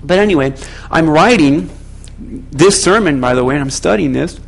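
A pastor with a high, light voice delivering a sermon. He speaks directly to his congregation and keeps throwing questions at them. His pitch sits well above most men's. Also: lively intonation, moderate pace, gravelly, husky, rough recording.

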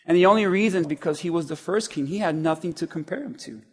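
A man preaching a sermon, speaking to the congregation conversationally and building from quiet asides to loud, urgent passages. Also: a little high, fast. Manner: conversational, quotes scripture in voices.

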